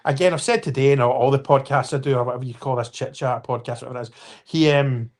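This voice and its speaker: A man's voice: mid-range voice, fairly even intonation, fast talker. A man in his fifties hosting a casual live-stream football chat, rambling with restarts and apologies and talking to viewers by name. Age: 50s.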